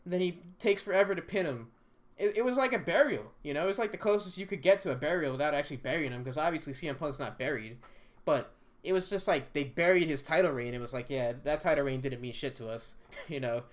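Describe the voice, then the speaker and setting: A man's voice: a little high, expressive, fast. A man co-hosting a casual wrestling chat, easygoing and asking questions. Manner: easygoing, asks questions, agrees a lot. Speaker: podcast co-host.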